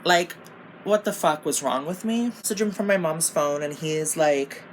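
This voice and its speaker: A woman's voice: low-pitched, moderate pace, slight background noise. A young woman telling a storytime while doing her makeup, casual and exasperated, swearing constantly and saying "like" a lot. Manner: profane, exasperated and rambling, lots of "like". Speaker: beauty vlogger.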